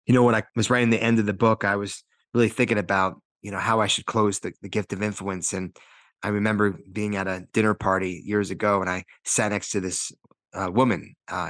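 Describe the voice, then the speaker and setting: A man's voice: lowish voice, a bit bright, dry recording. A man in his forties giving a motivational talk, walking through numbered points with personal stories and acted-out quotes. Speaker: motivational speaker and author.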